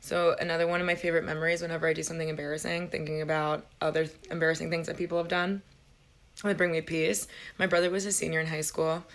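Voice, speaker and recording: A young woman telling an embarrassing family story, talking quickly and giggling through it. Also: sits low, flat delivery, a bit bright. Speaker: TikTok storyteller. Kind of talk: comic storytime.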